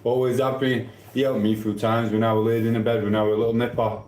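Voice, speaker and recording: A man's voice: medium pitch, level tone, fast talker, a little mellow. A middle-aged man from England with a Sheffield accent, chatting cheekily and rambling as he answers his livestream chat. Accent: Sheffield English. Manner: chatty, cheeky, swears casually. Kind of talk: rambling casual live chat. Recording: echoey room.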